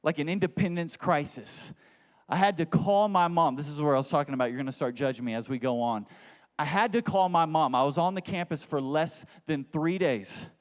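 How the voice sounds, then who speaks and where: Young male pastor from Houston, high voice, comic storyteller, big echoing hall. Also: fairly quick. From Houston, Texas. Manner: animated, joking, drops to low asides. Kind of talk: humorous storytelling sermon. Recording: long reverb of a large hall.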